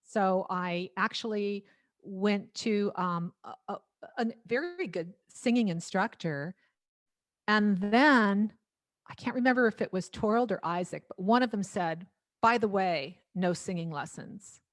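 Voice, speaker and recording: A woman singer-songwriter talking casually at an album launch, telling lively stories with frequent laughs and restarts. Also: medium pitch, measured pace, no room sound, studio quality.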